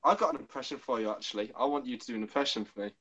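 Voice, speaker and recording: A man's voice: mid-range voice, rapid-fire, a bit bright, muffled recording. A man hosting a casual livestream, chatting hesitantly and laughing at his own attempts. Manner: hesitant, with many um fillers, laughing at himself. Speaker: channel host.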